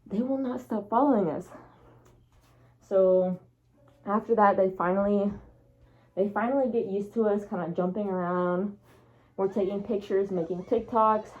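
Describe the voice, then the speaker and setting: A young woman telling a story in a casual vlog, animated, acting out what people said with big jumps in her voice. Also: dull audio. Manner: animated, acts out quotes with big pitch jumps. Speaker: storyteller vlogger.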